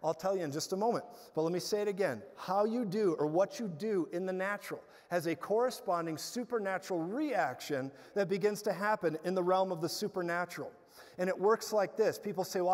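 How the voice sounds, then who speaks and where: A man preaching a sermon, telling stories in an animated way with bursts of loud laughter. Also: high voice, quick pace. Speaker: guest preacher. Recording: hall reverb.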